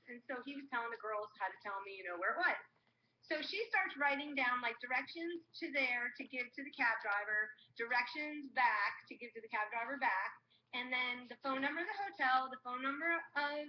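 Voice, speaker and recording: A woman's voice: high voice, reverberant. A woman co-hosting a live stream, telling a rambling travel story with quoted voices. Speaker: co-host. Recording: dull lo-fi live stream audio with faint noise.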